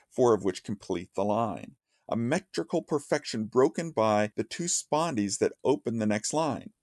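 A man giving a measured, reflective lecture on poetry, dropping low and slow to recite lines of verse. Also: darkish tone, no room sound, clean studio sound. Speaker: literature lecturer. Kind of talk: analytical lecture with dramatic recitation.

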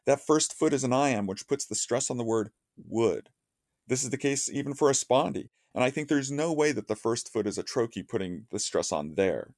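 A man giving a measured, reflective lecture on poetry, dropping low and slow to recite lines of verse. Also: lively intonation, darkish tone, no room sound, clean studio sound. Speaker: literature lecturer. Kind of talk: analytical lecture with dramatic recitation.

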